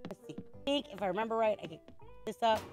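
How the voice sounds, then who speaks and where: A woman streaming a video game, chatting casually in an excitable, rambling way with frequent restarts. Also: mid-range voice, quick pace, soft background music. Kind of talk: casual game livestream chat.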